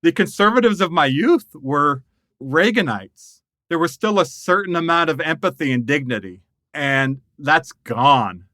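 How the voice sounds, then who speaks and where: A middle-aged man from the United States tells stories with a bright edge to his voice. He is animated and laughs often, and the sound is dry and close to the mic. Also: fairly high pitch, measured pace, dry recording. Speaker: guest writer. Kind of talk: conversational interview storytelling.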